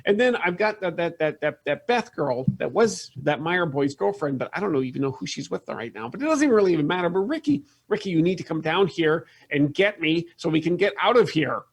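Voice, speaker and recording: Man playing a shrill fussy mom, high and insistent, tabletop game. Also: expressive, fairly quick, hardly any pauses, husky. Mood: nagging. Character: fussy, shrill middle-aged mother.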